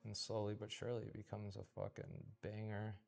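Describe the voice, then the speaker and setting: Deep-voiced man casually chatting while painting. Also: completely flat delivery, brisk, vocal fry, a little mellow. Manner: laid-back, swears often, chants and whispers to himself while he works. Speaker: painter streaming live. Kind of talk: casual live-stream chat while painting.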